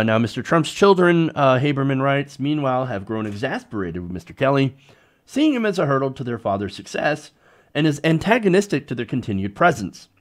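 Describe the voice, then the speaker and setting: A man hosting solo political commentary, reading news quotes aloud and reacting with sarcasm. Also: mid-range voice.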